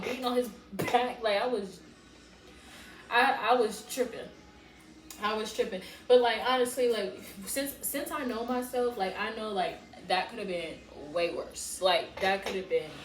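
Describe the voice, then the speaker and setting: A woman, casually telling a storytime on her channel and loudly acting out her past self in bursts. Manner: animated, swings into loud high-pitched re-enactments of her past self. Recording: echoey room with faint background noise.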